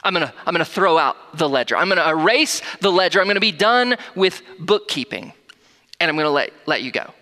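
A preacher briefly voices a merciful king forgiving a servant's enormous debt. The king is brisk and emphatic, his voice bright and a little high. It rings out in a long hall reverb. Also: animated.

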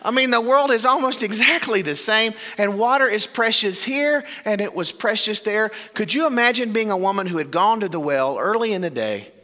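A male pastor preaches a sermon, his voice high and bright. He moves through dramatic pauses and sudden drops to low, quiet phrases. A long reverb from a big church hall rings behind him. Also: expressive.

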